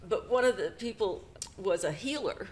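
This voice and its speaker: A middle-aged woman co-hosting a podcast, retelling a painful personal story in a halting, emotional way with nervous laughs. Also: mid-range voice, expressive, slight background noise. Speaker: podcast co-host.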